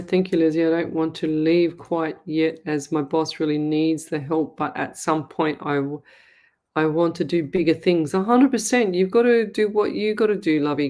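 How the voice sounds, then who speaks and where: A middle-aged Australian woman hosting a live psychic show, chatting and reading viewer comments aloud in a warm, chatty way. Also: lowish voice. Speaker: psychic medium show host.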